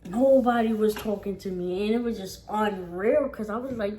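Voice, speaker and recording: A woman's voice: mid-range voice, moderate pace, few pauses, warm tone, slight background noise. Profane, emphatic young woman vlogger. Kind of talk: casual storytime chat.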